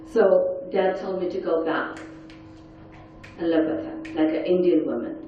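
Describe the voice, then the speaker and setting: A woman speaker at a conference panel, telling her own story in an earnest, quiet and intense way. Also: on the low side, fairly even intonation, a little slow, a little hiss or hum. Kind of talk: personal testimony talk. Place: large conference hall. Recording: echoey, dull hall sound from far off.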